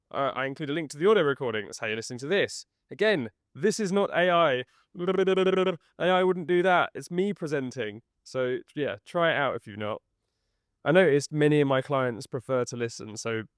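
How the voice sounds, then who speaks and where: A man coaching YouTube creators in a casual recorded audio email, chatty and quick to laugh at himself. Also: mid-range voice, dry recording, clean studio sound.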